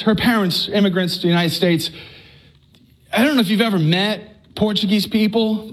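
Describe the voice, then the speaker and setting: A middle-aged man from Texas giving a live personal faith testimony, telling it with animated storytelling full of stammers and restarts. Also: high-pitched.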